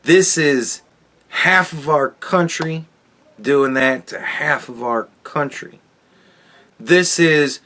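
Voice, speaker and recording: On his own show, a male podcast host gives a casual commentary monologue, cursing a lot, talking bluntly, and frequently starting over. He speaks slowly, with a fairly high pitch and a sharp edge.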